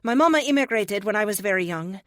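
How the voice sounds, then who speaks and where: A woman's voice: mid-range voice, expressive, fast, no echo, studio quality, lightly acted. A woman voicing a polite, slightly flustered young woman on the run in an audiobook.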